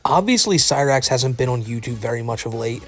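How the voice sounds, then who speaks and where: A man's voice: medium pitch, lively intonation, fairly quick. A man giving casual commentary on a clip, mocking and profane, often laughing. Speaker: commentary YouTuber.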